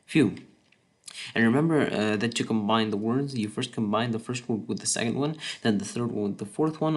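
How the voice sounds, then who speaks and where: A man talks through his homemade language in a scripted voice-over, with a medium-pitched, ordinary voice. He trips and restarts words now and then and drops in dry, wry asides. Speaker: conlang creator presenting a submission. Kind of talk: scripted explainer narration.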